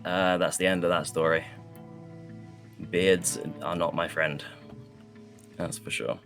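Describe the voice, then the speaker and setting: A man casting a live esports match, chatting loosely with many fillers while he fills the pauses. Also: sits low, flat delivery, a bit bright, faint music behind. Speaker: esports caster.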